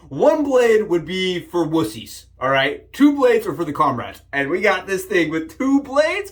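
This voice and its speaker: A man hosting a casual shaving vlog, upbeat and jokey, rambling with frequent restarts and sudden excited jumps in pitch. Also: moderate pace, few pauses. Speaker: shaving channel host. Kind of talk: casual shave demonstration vlog.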